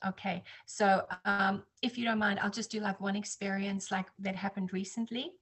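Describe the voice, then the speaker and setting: A woman's voice: normal speed, husky. Woman reader chatting, tells stories with lots of life, jumps way up when she quotes people. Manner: animated, acts out quotes in higher voice. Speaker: psychic reader, guest. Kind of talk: casual storytelling chat.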